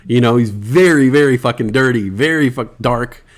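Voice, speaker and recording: A man's voice: mid-range voice, moderate pace. An American man hosting a casual solo podcast, rambling loosely, swearing freely and reading out listener comments. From United States. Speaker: podcast host.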